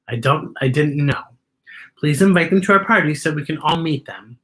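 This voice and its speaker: A woman reading as a gentle schoolteacher. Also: sits low, normal speed. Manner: gentle, apologetic. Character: kind female schoolteacher.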